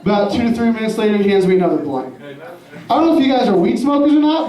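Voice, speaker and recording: High-voiced man doing crude stand-up. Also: far from the mic. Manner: crude, rambling, laughs at own jokes. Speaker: stand-up comedian. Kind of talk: stand-up set. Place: comedy club stage. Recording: roomy club sound from afar. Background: audience laughter.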